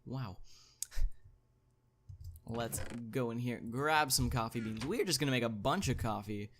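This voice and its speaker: Guy narrating his game real slow and easy, thinking out loud, chatty, gets hyped now and then. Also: medium pitch, slight background noise. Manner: thinks aloud, chatty, excited interjections. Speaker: gaming video host. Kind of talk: casual gameplay commentary.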